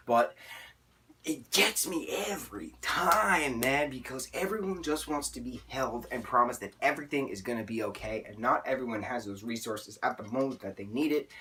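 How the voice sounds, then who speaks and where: A man talks through a TV season in a loose, casual vlog, at an average pitch for a man. He wanders off on tangents, leans on filler words and speaks with open, heartfelt emotion. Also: sharp tone. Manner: rambling, heartfelt and openly emotional. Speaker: TV show reviewer.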